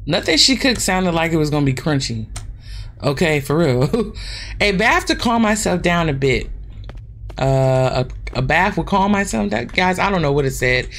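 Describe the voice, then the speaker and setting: A woman's voice: lowish voice, expressive, moderate pace. A woman hosting a gaming channel, chatting casually and swearing freely as she plays a horror game and talks straight to her viewers.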